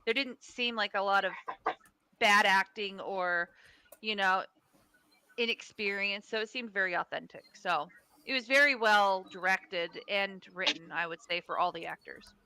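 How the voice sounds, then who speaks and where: A woman's voice: mid-range voice, moderate pace, pushed and bright, slight background noise. A woman on a headset co-hosting a casual movie review chat, hesitant, with many ums as she thinks aloud. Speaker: podcast co-host.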